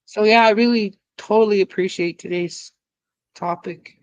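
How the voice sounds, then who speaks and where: A woman speaking earnestly as a guest in a community talk, pausing now and then to find her words. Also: mid-range voice, fairly even intonation, no room sound, lo-fi sound. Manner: earnest, with some hesitations.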